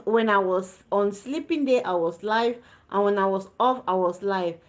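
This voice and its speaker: A woman's voice: mid-range voice, moderate pace, hardly any pauses, lo-fi sound. A woman nurse hosting a casual livestream, reading viewer comments aloud and answering them with chatty repetition. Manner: chatty, repeats words for emphasis. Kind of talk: casual live-stream chat.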